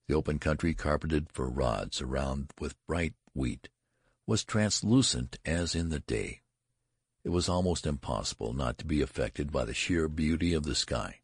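A man narrating a story in a measured, unhurried way, with a gravelly, husky voice. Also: very deep voice, no echo, studio quality. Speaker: audiobook narrator.

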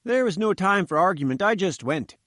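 A fat little pushy reporter , as a male narrator puts him on, sputters in a high, strained voice. He talks back with cheek and indignation. The sound is dry and close. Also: animated, a little fast, a bit bright, no echo. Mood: cheeky.

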